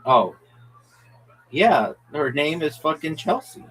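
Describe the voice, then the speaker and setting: A man's voice: a little high, sing-song, takes it slowly, a bit bright, husky, low-quality recording. A man hosting a casual game stream with friends, brash and profane, boasting to viewers like a mock announcer. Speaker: host. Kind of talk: casual chat while playing a game with friends.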